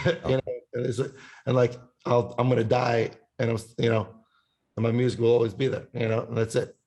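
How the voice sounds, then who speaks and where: A male musician chatting casually on a podcast with a gravelly, creaky edge to his voice. He rambles, swears freely and hums or sings little bits to make his point. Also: mid-range voice, little pitch movement, normal speed, a little mellow. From Italian family background. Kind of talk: casual chat.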